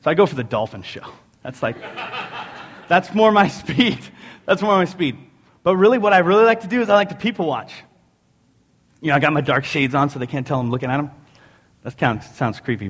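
A man preaching a sermon in an animated, joking storytelling way. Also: mid-range voice, fast talker. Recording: long hall reverb.

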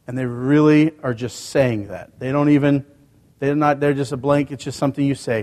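A man's voice: medium pitch, moderate pace, a little mellow, long reverb tail. A male pastor preaching a sermon in a church, talking to the congregation in a conversational way with rhetorical questions. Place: church sanctuary.

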